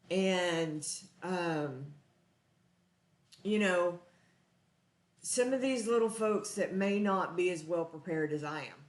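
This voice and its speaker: A woman's voice: mid-range voice, echoey room. A woman with a Texan accent hosting a live cooking stream from her home kitchen. She talks in a chatty, earnest, folksy way. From Texas. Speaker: cooking show host.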